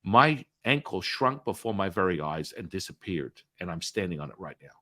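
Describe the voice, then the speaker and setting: A man quoting a startled young woman friend on the phone, in a quieter, lower voice. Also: big pitch swings, normal speed, no room sound, heavily acted. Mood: amazed.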